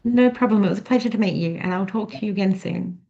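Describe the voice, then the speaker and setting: A woman's voice: medium pitch, fast talker, vocal fry, warm tone. A woman interviewing a guest over a video call, speaking in a friendly, casual way. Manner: friendly, brief affirming replies. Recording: dull lo-fi audio.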